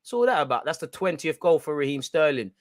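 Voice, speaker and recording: Excitable young man, football reactions. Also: fairly high pitch, quick pace, no room sound. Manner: excitable, shouty and slangy, chanting and yelling at the referee. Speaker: football watch-along host. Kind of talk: live football reaction commentary.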